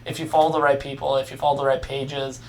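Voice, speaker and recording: A woman's voice: rumbling low, flat delivery, fast, a little mellow, a little hiss or hum. A woman hosting a podcast interview, asking curious questions and often murmuring short affirmations. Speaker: podcast host. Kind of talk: casual interview chat.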